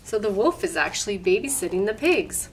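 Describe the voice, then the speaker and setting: A woman storyteller reading a picture book aloud, gently pointing out the pictures as she goes. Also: mid-range voice, sing-song, brisk, a little hiss or hum. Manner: gentle, explaining pictures to listeners. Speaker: library storyteller.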